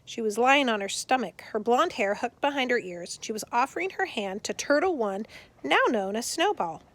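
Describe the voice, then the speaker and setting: A woman narrating a chapter book aloud in a steady, expressive reading. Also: a little high, moderate pace. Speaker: audiobook narrator. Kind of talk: scripted storybook narration.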